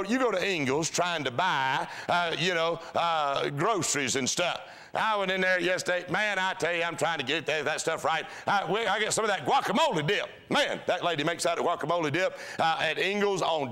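A man's voice: a little high, lively intonation, fairly quick, few pauses, bright, forceful tone. A man preaching a sermon in a church, folksy and storytelling, with repeated rhythmic phrases. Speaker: pastor. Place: church sanctuary.

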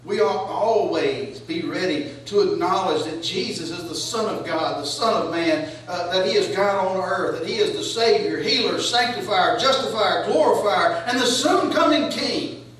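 High-voiced preacher in an echoey church. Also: male voice, normal speed, few pauses, a bit bright. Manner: preaching with rising, questioning cadence. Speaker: pastor. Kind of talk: sermon. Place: church sanctuary. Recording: echoey church hall, voice from far off.

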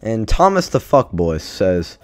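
A man's voice: on the low side, big pitch swings, a little slow, no echo, faint music behind. A man vlogger telling a story casually, swearing a lot and sounding exasperated. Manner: profane, exasperated, rambling.

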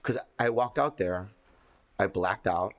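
A man comedian in a documentary interview, earnest and halting, repeating words as he searches for them. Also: on the low side, highs cut off.

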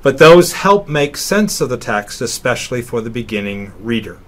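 A middle-aged man teaching a recorded slideshow lesson, slowly sounding out words syllable by syllable. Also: mid-range voice, big pitch swings, fairly bright tone. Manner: slow, deliberate, sounding out words.

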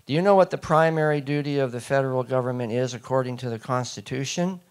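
A man's voice: mid-range voice, quick pace, clean tone. A man giving a public talk, emphatic and quizzing the audience with questions. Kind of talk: public lecture to a live audience.

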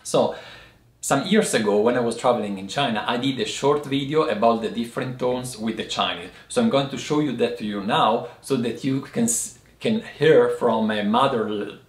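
A man hosting a language lesson, explaining thoughtfully and pausing to find his words. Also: medium pitch, reverberant. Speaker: host teaching Chinese tea words.

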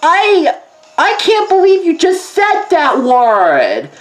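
A high, lively woman's voice that jumps between angry yelps and embarrassed apologies while playing a fighting game. She takes her time with her lines, and there is faint music underneath. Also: slow pace. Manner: dramatic outbursts and flustered apologies. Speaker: game player and skit performer. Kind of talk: comedic voice acting over gameplay.

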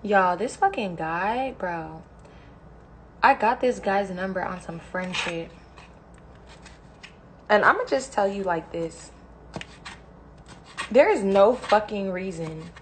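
A woman's voice: medium pitch, expressive, takes it slowly, long pauses, slight background noise. A young woman talking bluntly and with heavy swearing while she cooks in her home kitchen on a phone livestream. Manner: blunt, profane, ranting. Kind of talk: casual livestream chat while cooking.

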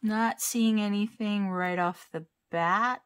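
A woman chatting casually at home as she unboxes diamond painting kits. She talks in a self-deprecating way, laughs often and thinks out loud. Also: medium pitch, slow pace, clear, resonant tone. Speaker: crafting vlogger. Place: home crafting space.

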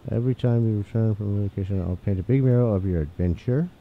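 A man casually commenting on a game he is playing, chatty and excitable, reading the on-screen text aloud. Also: on the low side, fast. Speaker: gaming channel host. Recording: tinny phone-like mic, faint hiss.

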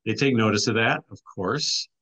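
A middle-aged author and filmmaker tells a story as a guest on an interview show, casual and full of restarts and "you know"s. His lowish voice sounds pushed and bright at a moderate pace, though the audio is poor.

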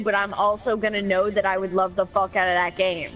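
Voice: mid-range voice, level tone, fairly quick, few pauses, fairly bright tone, highs cut off. A gamer chatting sarcastically over voice chat while playing.

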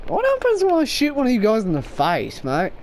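A woman narrating gameplay in a loud, swearing, laughing manner. Her voice sits high and swings widely in pitch, while her pace stays unhurried. A faint noise runs under the recording. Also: huge pitch swings. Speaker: gaming video creator. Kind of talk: profane gameplay commentary.

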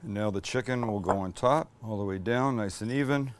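A man's voice: lowish voice, brisk. A middle-aged man hosting a casual cooking demo, chatty and teasing as he cooks. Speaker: cooking show host.

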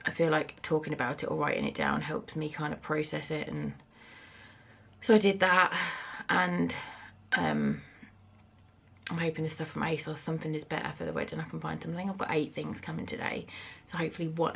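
Chatty mum with a gravelly edge. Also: female voice, low-pitched, lively intonation, brisk, a bit bright, a little hiss or hum. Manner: casual, chatty and frank, with some swearing. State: out of breath. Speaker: vlogger and mum. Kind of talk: chatty home vlog. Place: family house indoors.

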